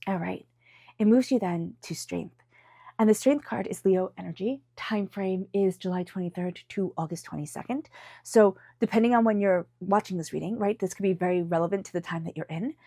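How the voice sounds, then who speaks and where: A woman's voice: mid-range voice, brisk, dry recording. Congested lady doing a tarot reading, chatty, whispers sometimes, mid voice, dead dry room. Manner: chatty, emphatic, drops into soft whispers. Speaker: tarot reader. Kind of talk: casual tarot reading to camera.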